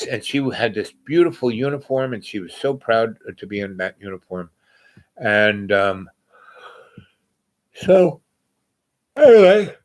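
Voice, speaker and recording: A man in his eighties casually telling a long personal story, rambling and halting with many fillers and restarts. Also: fairly low pitch, fairly bright tone, dry recording. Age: 80s.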